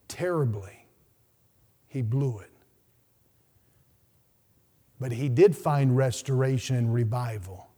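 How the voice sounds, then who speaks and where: A man preaching a sermon as pastor, swinging from hushed, quiet passages to loud, climbing peaks. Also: mid-range voice, breathy edge. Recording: long hall reverb.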